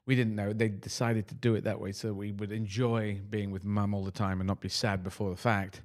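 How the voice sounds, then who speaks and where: Middle-aged man, UK-raised guest, lowish voice, rambling and self-deprecating, casual interview. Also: little pitch movement, a little fast. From United Kingdom.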